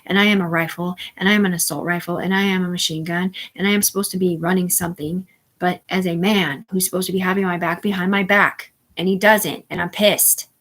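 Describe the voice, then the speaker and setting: A woman's voice: fairly low pitch, fairly even intonation, a little fast, fairly bright tone. A woman hosting a live stream, talking in a rambling, profane monologue that jumps from topic to topic. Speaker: livestream host.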